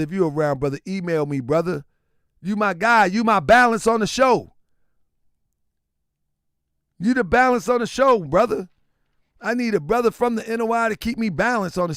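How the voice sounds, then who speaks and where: A man's voice: sits high, normal speed, pauses often, dry recording, studio quality. A man hosting a livestream, talking casually and preaching at times, often raising his voice. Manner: animated, preachy, shouting at times. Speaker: livestream host.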